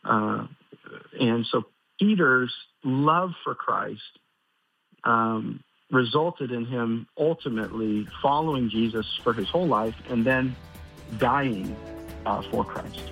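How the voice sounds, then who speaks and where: A man's voice: medium pitch, slow, creaky, a bit bright, husky, faint music behind. A man, a radio co-host and pastor, giving earnest Bible teaching with frequent fillers and restarts. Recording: tinny phone-line audio.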